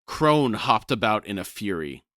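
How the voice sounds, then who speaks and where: A man co-hosting a book podcast, reading a novel aloud in a measured way and discussing it. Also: on the low side, big pitch swings, a bit bright, dry recording, studio quality. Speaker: podcast co-host and reader.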